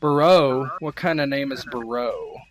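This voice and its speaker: A man's voice: on the high side, measured pace, a bit bright, pitched above the performer's own voice. A man voicing a suspicious redcoat soldier who questions travellers in curt, probing lines. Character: suspicious male redcoat soldier checking papers.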